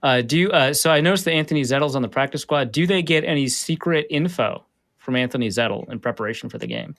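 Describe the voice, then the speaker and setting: A man hosting a podcast, chatting casually with a guest and teasing him with dry, quick jokes. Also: medium pitch, fairly bright tone. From Minnesota. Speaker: podcast host.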